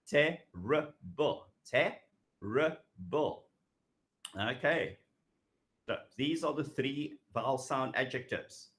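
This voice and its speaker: Slow, patient male English teacher. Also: medium pitch, fairly bright tone. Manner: patient, repeats words slowly, frequent "okay". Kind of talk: recorded online grammar lesson.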